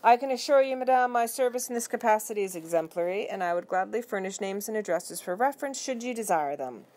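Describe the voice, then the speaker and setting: A woman's voice: mid-range voice, animated, fast, darkish tone, voice pushed up, lightly acted. A woman doing a stiffly formal English butler. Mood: stiffly polite. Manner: ornate, overly formal phrasing. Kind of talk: storybook read-aloud.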